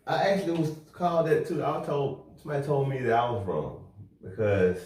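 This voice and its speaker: An easygoing man co-hosts a podcast, winding through his stories and often laughing along the way. He is heard from far off the mic, with a strong echo filling the room, and his pitch sits in the middle. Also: sing-song, fairly quick, darkish tone. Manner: easygoing, rambling storyteller who laughs along. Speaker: podcast co-host. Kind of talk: casual chat.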